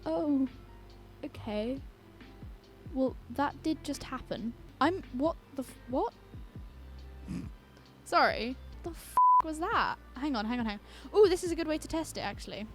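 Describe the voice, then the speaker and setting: A woman's voice: sits high, expressive, measured pace, pauses often, faint music behind. A young British woman chatting casually and rambling as she commentates her own gameplay, with giggles and cut-off swears. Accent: British English. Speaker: gaming YouTuber. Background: her own song playing faintly.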